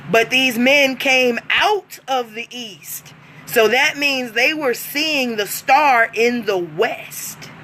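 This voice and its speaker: A woman talks straight to her viewers in a casual, profane, laughing monologue. Her voice is bright and edged, her delivery unhurried. A faint hum of noise sits under the recording. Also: a little high. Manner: blunt, profane, laughs often. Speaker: vlogger.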